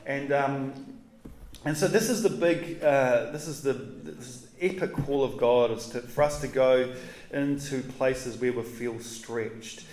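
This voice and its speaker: A man preaching a casual, conversational sermon in relaxed, slangy talk with animated asides. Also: medium pitch, a little slow. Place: church. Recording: roomy echoey hall.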